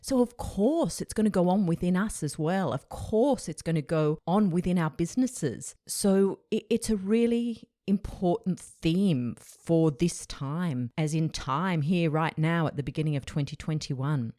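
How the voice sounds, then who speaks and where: A woman with a low voice hosts her own podcast, talking casually and thoughtfully and laughing lightly now and then. The sound is dry and close, with no room echo. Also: animated, a little slow, hardly any pauses, mellow. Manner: chatty and reflective, with frequent light laughs. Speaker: podcast host. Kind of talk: casual solo podcast chat.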